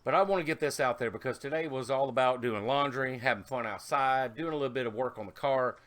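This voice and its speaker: A man's voice: mid-range voice, quick pace. Rambling man vlogging his car project. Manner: rambling, animated storytelling with laughs. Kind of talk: casual vlog chat.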